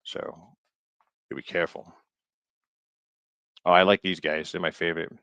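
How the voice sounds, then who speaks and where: A low-sitting male voice with a flat delivery and a sharp yet smooth tone, recorded dry. He's streaming live, reading haltingly from an old book, stumbling over words and breaking into jokey asides.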